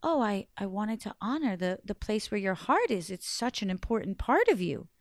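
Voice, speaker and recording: A woman voicing a clever, chatty young woman held by a giant, talking in brisk, sassy, flattering bursts. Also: mid-range voice, no room sound, clean studio sound.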